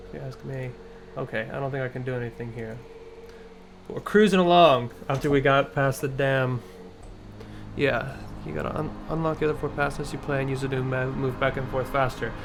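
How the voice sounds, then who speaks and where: Joking New gaming streamer. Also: male voice, medium pitch, steady tone, moderate pace, background noise. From New Jersey. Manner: joking, profane, rambling. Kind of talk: casual gaming stream commentary. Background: game music.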